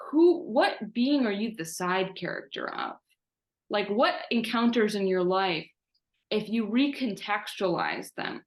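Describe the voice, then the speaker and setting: A woman speaking over a video call, telling a story in a lively, self-mocking way with lots of filler words. Her pitch sits in a middle range, and the room around her gives a noticeable echo. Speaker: guest speaker. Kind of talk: storytelling in an online talk. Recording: roomy echo.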